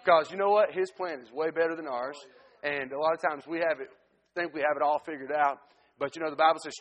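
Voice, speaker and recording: A man tells his story from the pulpit in an earnest way, stumbling and restarting as he goes. His voice sits somewhat high for a man. A long church-hall reverb trails behind every phrase. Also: fast, a bit bright, muffled recording. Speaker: missionary preacher. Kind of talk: testimony sermon to a congregation. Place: church sanctuary.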